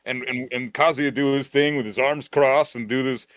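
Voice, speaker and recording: 30s guy with average pitch reminiscing about old arcades, lots of cursing, dead dry room. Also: fairly even intonation, normal speed, fairly bright tone, dry recording. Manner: nostalgic, swears often, repeats words. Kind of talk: casual chat.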